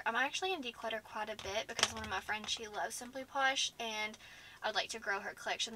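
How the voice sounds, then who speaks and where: A woman in her thirties chats to camera in a fairly high voice. She is talkative and indecisive and laughs often. A steady background noise sits under her voice in a home recording. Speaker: beauty vlogger. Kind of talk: casual chat to camera.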